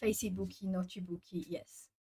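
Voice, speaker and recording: A woman's voice: fairly low pitch, steady tone, measured pace, mellow, husky. Chatty woman hosting a colouring stream. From Brazil. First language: Portuguese. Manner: chatty, musing aloud to viewers. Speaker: art stream host. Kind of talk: casual chat while colouring.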